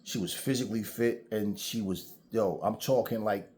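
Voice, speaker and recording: Speaking at a moderate pace in a lowish, slightly mellow voice, the host of a personal channel rants about relationships. He's blunt, profane and preachy, and he tells stories along the way.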